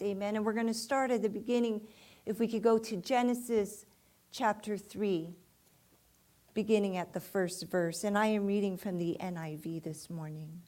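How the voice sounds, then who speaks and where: A woman's voice: mid-range voice, a little mellow. A woman preaching a sermon in church, often calling "amen?" to the congregation and rising to fervent emphasis.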